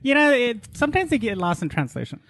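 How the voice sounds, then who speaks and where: A man's voice: very high voice, very animated, fast, fairly bright tone, dry recording. A man co-hosting a podcast, chatting casually in a joking, blunt way and swearing now and then. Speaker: podcast co-host. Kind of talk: casual chat.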